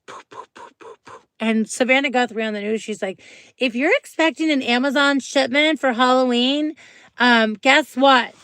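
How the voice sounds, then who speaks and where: A woman's voice: mid-range voice, clean tone, no echo. A middle-aged woman hosting a late-night live stream from home, chatting and rambling casually with viewers and greeting them by name. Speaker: livestream host.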